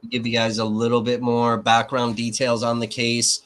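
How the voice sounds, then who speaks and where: A man's voice: mid-range voice, monotone, normal speed, a bit bright. A man hosting a livestream, chatting casually with viewers and reading news reports aloud, sometimes swearing and joking. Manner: casual, swears, jokes about doing a reporter voice. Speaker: livestream host.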